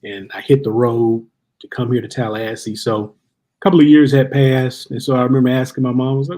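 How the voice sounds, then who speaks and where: A man's voice: mid-range voice, brisk. Guy on a talk show telling personal stories, voices other people's lines. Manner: animated storyteller, acts out quotes. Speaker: guest chaplain. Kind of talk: storytelling in conversation.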